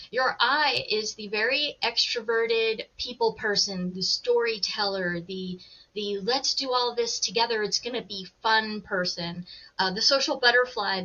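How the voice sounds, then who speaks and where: A woman coach explains things to a podcast host in a bright, lively voice and laughs easily. The recording sounds a little dull and lo-fi. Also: medium pitch. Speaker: coach and guest. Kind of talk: casual interview explanation.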